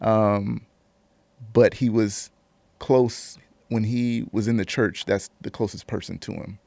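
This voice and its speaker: Gravelly, hesitant male co-host. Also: on the low side, steady tone, slow, mellow, no echo. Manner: hesitant, many ums and uhs. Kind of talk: casual chat.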